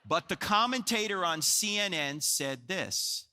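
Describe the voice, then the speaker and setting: A man in his sixties from New Jersey delivers a live talk, telling stories and cracking jokes between questions to the audience. His voice sits high and very bright. His pitch swings widely. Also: lively intonation, unhurried. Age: 60s. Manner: joking, storytelling, asks the crowd questions. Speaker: Christian apologetics speaker.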